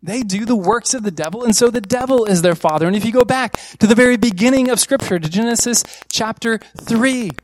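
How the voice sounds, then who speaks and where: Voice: mid-range voice, fairly quick, few pauses, a little hiss or hum, rough recording. A preacher giving an earnest sermon, repeating key phrases for emphasis and asking one rhetorical question after another.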